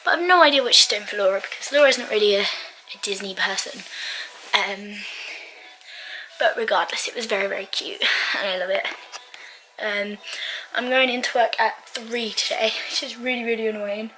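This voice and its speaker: A woman's voice: mid-range voice, moderate pace, bright, forceful tone, slight background noise, poor audio. A young woman chatting casually to camera in her bedroom, rambling with lots of ums and small laughs. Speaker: vlogger. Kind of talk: casual chat vlog.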